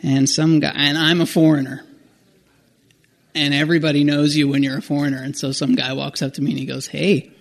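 A man telling a personal travel story in a rambling, self-correcting, animated way. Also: a little high, fairly quick, vocal fry.

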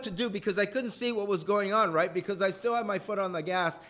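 A man telling a personal childhood story in a rambling, animated way. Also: high-pitched, normal speed, vocal fry, few pauses. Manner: animated, rambling, acts out voices.

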